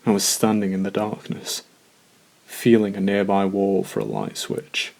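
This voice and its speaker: Slow, gravelly male horror narrator. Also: low voice, sing-song, heavy background noise. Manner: slow, measured first-person storytelling.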